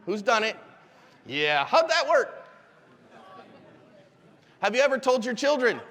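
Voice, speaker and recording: A man in his forties teaching a live class, animated and quizzing the audience. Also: very high-pitched, measured pace, long pauses, long reverb tail. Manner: animated, asks the audience questions. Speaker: self-defense instructor.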